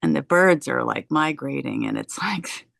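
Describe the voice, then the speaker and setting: A woman with a low-pitched voice rambles hopefully in a casual group talk. She muses aloud, and the sound is close and dry. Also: animated, normal speed, creaky, a bit bright, no echo. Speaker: discussion group member.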